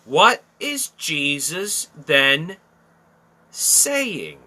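Bible teacher, man, slow and deliberate, sharp bright tone, emphatic with rhetorical questions. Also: on the high side, big pitch swings. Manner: emphatic, repeats phrases, asks rhetorical questions.

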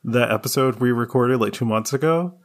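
A man co-hosting a casual podcast chat, talking in a relaxed, rambling way with lots of fillers. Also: mid-range voice, fairly quick. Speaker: podcast co-host.

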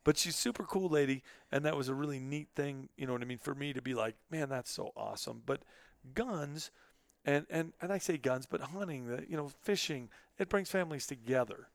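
A man's voice: medium pitch, fast, gravelly, few pauses, no room sound. A middle-aged man hosting a podcast in casual chat, talkative and openly emotional, with lots of fillers. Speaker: podcast host.

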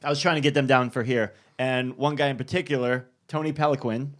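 A man's voice: medium pitch, fairly even intonation, fairly quick, a little hiss or hum. A man from New England hosting a podcast, chatting casually and laughing easily with his guests. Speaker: podcast host.

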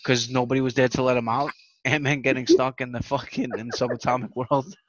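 A man's voice: mid-range voice, steady tone, brisk, muffled recording, a little hiss or hum. A man co-hosting a podcast, chatting animatedly, repeating words and swearing often. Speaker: podcast co-host. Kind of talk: casual chat.

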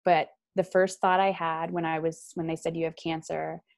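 A woman with a somewhat low speaking voice tells her own story as an interview guest. She talks frankly and with energy, with quick asides, and slips into other people's voices when she quotes them. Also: flat delivery, gravelly. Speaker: guest, author. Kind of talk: candid personal storytelling in conversation. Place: lives in Ontario, Canada.

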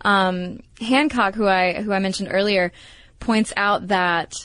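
A woman's voice: medium pitch, steady tone, a little slow, a bit bright, clear, resonant tone, dry recording. Storytelling woman podcast co-host. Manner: chatty, storytelling, hesitant restarts. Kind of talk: casual conversational podcast.

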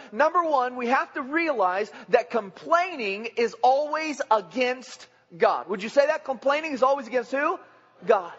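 Very high-voiced man preaching a folksy sermon. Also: a bit bright. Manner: folksy, joking, conversational. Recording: dull lo-fi with long hall reverb.

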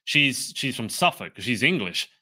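Bright-voiced interviewer. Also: male voice, medium pitch, unhurried, breathy edge. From Australia. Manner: animated, laughs often, repeats words. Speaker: podcast host, interviewer. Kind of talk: casual interview chat.

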